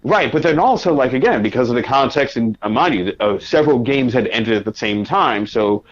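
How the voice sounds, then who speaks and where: Man guest, mid pitch, animated storyteller, lo-fi dull sound. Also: fairly quick. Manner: animated anecdote with quoted asides. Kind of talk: casual storytelling. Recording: dull lo-fi audio.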